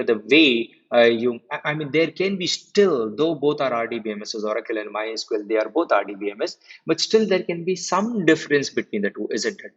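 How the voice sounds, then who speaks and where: A man in his forties teaches a live technical class, pausing to repeat key points and quiz his students. His voice is a bit husky and sits at an ordinary middle pitch. The recording is muffled and lo-fi. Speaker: software trainer. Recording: muffled lo-fi audio.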